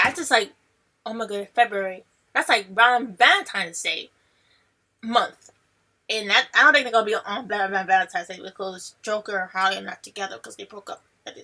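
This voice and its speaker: A woman vlogger giving an excited, rambling reaction to a movie trailer, gushing and talking in loose run-on thoughts. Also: medium pitch.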